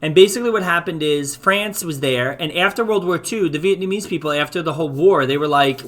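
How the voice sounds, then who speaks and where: A man's voice: on the high side, fairly quick, hardly any pauses, fairly bright tone. A man, a teacher, giving a loose, joking virtual history lesson with many restarts. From United States.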